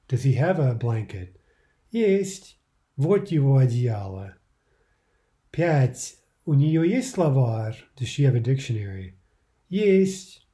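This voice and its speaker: Very dark-voiced man teaching a lesson. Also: mid-range voice. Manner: explains in English, models Russian phrases slowly. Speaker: Russian language teacher. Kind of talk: recorded language lesson.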